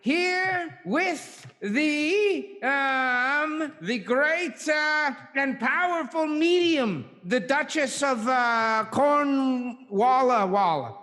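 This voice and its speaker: A man's voice: very high-pitched, lively intonation, drawn-out words, few pauses, sharp tone, long reverb tail, heavily acted. A man voicing a character who pretends to channel a grand medium, speaking theatrically with hesitations. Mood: grandiose.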